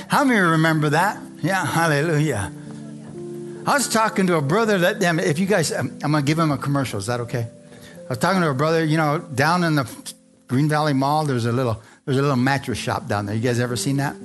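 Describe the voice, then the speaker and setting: A man preaching a live sermon to a congregation, fervent and repetitive, often calling out to the crowd for an amen. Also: medium pitch. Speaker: pastor. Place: church service before a congregation.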